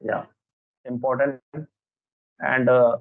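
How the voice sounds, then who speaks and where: A man's voice: mid-range voice, flat delivery, takes it slowly, creaky, no echo. Hesitant Indian man on a dry phone line. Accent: Indian English. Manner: hesitant, frequent uh fillers. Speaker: guest. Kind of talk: casual conversation.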